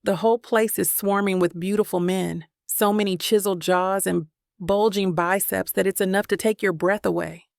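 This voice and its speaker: A woman narrating a first-person romance audiobook in an even, steady reading voice. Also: mid-range voice, normal speed, creaky, no echo, studio quality.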